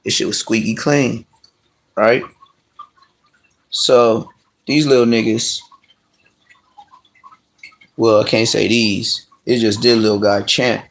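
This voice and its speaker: A man's voice: fairly low pitch, fairly even intonation, takes it slowly, pauses often. Man rambling on a live stream. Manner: rambling, profane, slangy. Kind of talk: casual live-stream chat. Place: at home with his dogs.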